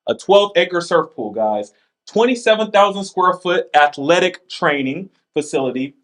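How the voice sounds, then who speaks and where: A man's voice: high voice, lively intonation, moderate pace, fairly bright tone. A man hosting a casual chat, reading items aloud with playful asides and laughs. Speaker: podcast host.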